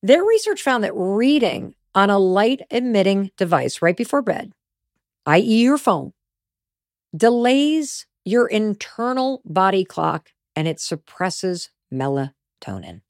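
A woman's voice: mid-range voice, very animated, slow, darkish tone, dry recording, studio quality. A middle-aged woman hosting a motivational podcast, talking in a candid, emphatic, conversational way. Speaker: podcast host.

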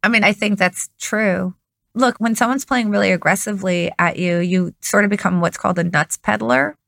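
A woman's voice: medium pitch, normal speed, gravelly, fairly bright tone, dry recording, studio quality. A woman who is a poker expert, explaining strategy step by step in an analytical conversation.

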